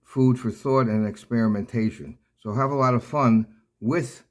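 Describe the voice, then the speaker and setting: An older man teaching piano in a casual, rambling way, halting often with fillers and restarts. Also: medium pitch, steady tone. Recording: loud piano playing throughout.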